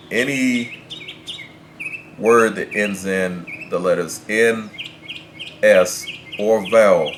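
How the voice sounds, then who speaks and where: Deep-voiced man teaching slowly. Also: slight background noise. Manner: slow, patient, spells words letter by letter. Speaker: Spanish teacher. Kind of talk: explaining pronunciation rules.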